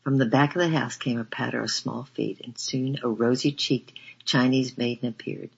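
A man reading a first-person memoir aloud in a measured, earnest way. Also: mid-range voice, steady tone, creaky, slightly rough, lo-fi sound. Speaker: audiobook narrator.

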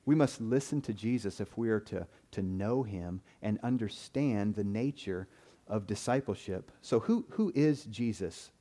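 A man's voice: fairly low pitch, unhurried, warm tone. A man preaching a sermon in an earnest way, often repeating a word as he starts a phrase.

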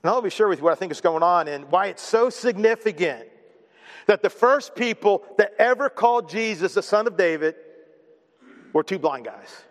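A man's voice: sits high, expressive, normal speed, long reverb tail. A man preaching a sermon as pastor, emphatic and building with repeated phrases.

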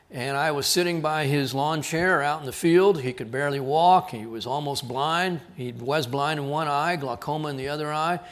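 A man from South Texas, preaching a sermon as a pastor, with an earnest delivery that drops to quiet emphasis on key words. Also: mid-range voice.

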